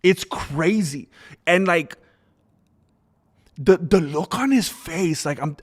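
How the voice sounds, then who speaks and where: Animated man hosting a livestream. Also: a little high, a little slow, long pauses. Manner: animated, opinionated, reads out chat messages. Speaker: livestream host. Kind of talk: casual livestream commentary.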